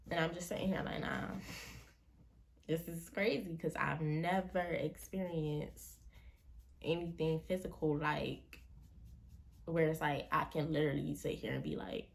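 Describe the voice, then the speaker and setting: A young woman tells a personal story to her camera in a relaxed, slangy way. Her voice sits low and has a gravelly edge. She slips into the voices of the people she quotes as she talks. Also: normal speed. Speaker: vlogger. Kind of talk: casual storytime.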